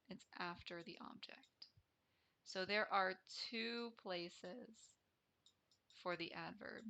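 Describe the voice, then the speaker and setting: A woman English teacher explaining a grammar lesson deliberately, repeating each key term. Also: medium pitch, creaky, sharp tone, muffled recording.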